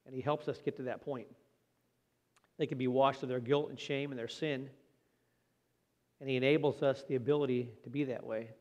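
A man preaching a Sunday sermon in an earnest, plain-spoken way, slowing down for emphasis. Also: medium pitch, steady tone, darkish tone. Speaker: pastor. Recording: long hall reverb.

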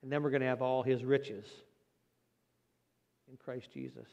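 A man's voice: medium pitch, mellow, muffled recording. Man preaching in a reverberant church. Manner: earnest, plain-spoken, slows for emphasis. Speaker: pastor. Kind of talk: sermon. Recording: long hall reverb.

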